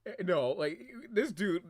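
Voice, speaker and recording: Laughter keeps interrupting this game streamer as he rambles excitedly during a casual livestream from a room at home. His voice has a fairly high pitch.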